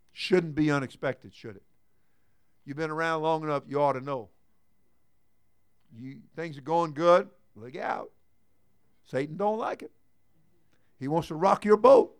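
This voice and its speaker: High-voiced fervent male preacher. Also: smooth, no echo, clean studio sound. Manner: fervent, swinging from quiet to shouting; calls for congregation response. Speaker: pastor. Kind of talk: sermon.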